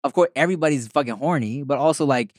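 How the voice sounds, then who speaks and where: This is a man with a mid-range voice, hosting a podcast in a relaxed, casual way. He often tags his points with "you know what I'm saying". The sound is dry and close. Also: medium pitch, fast, no room sound. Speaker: podcast host. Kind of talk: casual chat.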